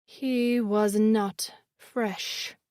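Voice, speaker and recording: A woman voicing cold, menacing alien women who speak as one, in a slow, imperious, chilling way. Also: medium pitch, steady tone, darkish tone, no echo, clean studio sound, pitched below the performer's own voice. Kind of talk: audiobook character voice.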